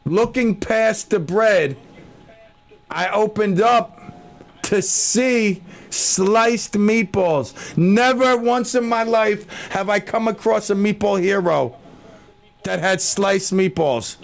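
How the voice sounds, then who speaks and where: A man hosting a local radio talk show, rambling animatedly through a story. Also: sits high.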